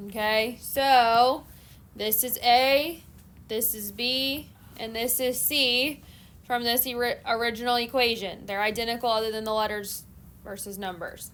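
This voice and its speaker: A woman math teacher giving a classroom lecture, explaining steps in a steady, methodical way. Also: a little high, measured pace.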